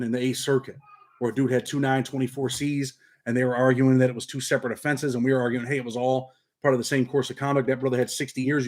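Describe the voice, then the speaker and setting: Medium in pitch with a darkish tone, this middle-aged Rochester, New York man carries a slight country twang. A paralegal who hosts a channel, he reads comments in a casual livestream chat, relaxed and streetwise, his slang full of "man."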